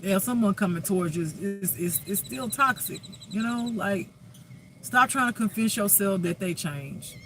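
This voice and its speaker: A man's voice: sits high, expressive, moderate pace, bright, forceful tone, soft background music. A man giving a spiritual reading as a life teacher, preaching emphatically with rhetorical questions.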